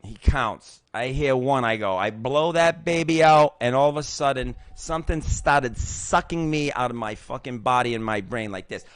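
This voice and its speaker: A man's voice: mid-range voice, normal speed, few pauses, clean tone, no echo. A middle-aged man hosting his own show, telling a personal recovery story in a casual, emotional and profane way, acting out the other voices. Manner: emotional, profane, animated retelling with acted-out voices. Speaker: host.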